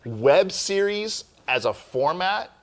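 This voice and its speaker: A man's voice: high-pitched, sing-song, takes it slowly. A man co-hosting a casual filmmaking chat show, explaining things in an earnest way. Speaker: filmmaker co-host.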